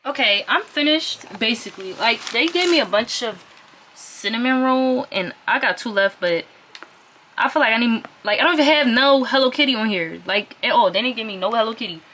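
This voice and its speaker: A woman vlogger casually chatting to her viewers as she unboxes items, getting easily excited. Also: on the high side, moderate pace. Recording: noisy room with packaging crinkles.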